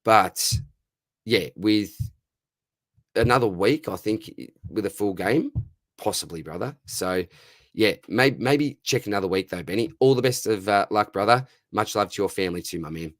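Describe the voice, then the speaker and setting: An Australian man hosting a casual livestream Q&A, hoarse from losing his voice, chummy, calling everyone mate and brother. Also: lowish voice, expressive, normal speed, no echo, studio quality. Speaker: livestream host answering viewer questions.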